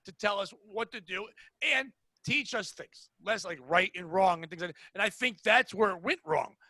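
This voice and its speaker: A man co-hosting a podcast in casual chat, animated and crude, with bursts of shouting. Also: high voice, moderate pace, no room sound. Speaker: podcast co-host.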